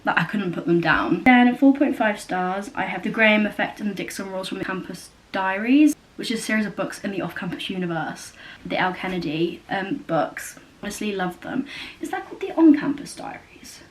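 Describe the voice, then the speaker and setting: A woman's voice: medium pitch, lively intonation, fairly quick. A young woman chatting casually at home, rambling with lots of fillers and self-corrections. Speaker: book vlogger. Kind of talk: casual chat. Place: new house, indoors.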